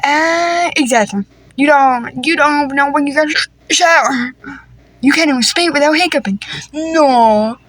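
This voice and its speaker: A woman's voice: sits high, a little slow, a bit bright, no echo. A woman improvising a comedy family skit, talking in a playful, teasing, slangy way. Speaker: creator voicing a family skit.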